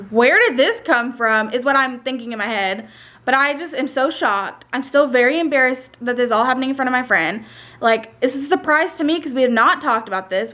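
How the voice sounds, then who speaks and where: High-voiced young woman telling a storytime. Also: fairly bright tone. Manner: chatty, retells quotes in many "like" asides. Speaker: storyteller vlogger. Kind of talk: casual storytime vlog.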